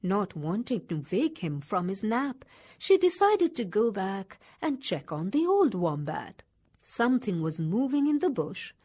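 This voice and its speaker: A woman reading a children's story aloud in an expressive, sing-song way. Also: mid-range voice, unhurried, husky.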